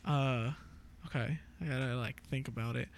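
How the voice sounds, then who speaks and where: A man's voice: mid-range voice, steady tone, moderate pace, gravelly, slight background noise. A man chatting casually with friends, giggly and hesitant. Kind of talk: casual chat.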